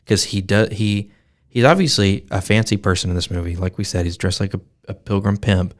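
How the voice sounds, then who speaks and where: A man's voice: on the low side, steady tone, brisk. A man co-hosting a podcast, chatting casually and opinionatedly with jokes and frequent laughter. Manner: joking, opinionated, laughs often. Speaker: podcast co-host. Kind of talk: casual chat about a film.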